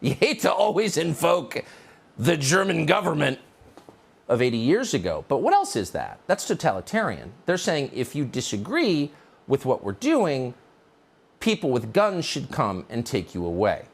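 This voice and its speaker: A man's voice: fairly high pitch, wildly swooping pitch, normal speed, vocal fry, slightly rough. A man hosting a news commentary show, delivering a sarcastic, indignant opinion monologue.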